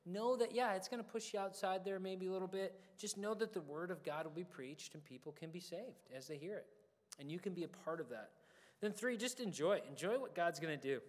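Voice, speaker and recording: A man preaching a sermon as a pastor, telling a personal story in an animated way and acting out the dialogue. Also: high-pitched. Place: church sanctuary. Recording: long hall reverb.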